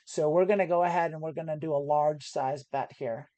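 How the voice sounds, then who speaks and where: A woman's voice: low-pitched, steady tone, brisk, mellow, dry recording, lo-fi sound. A woman streaming from home, casually explaining her poker plays with some swearing. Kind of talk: casual play-by-play commentary.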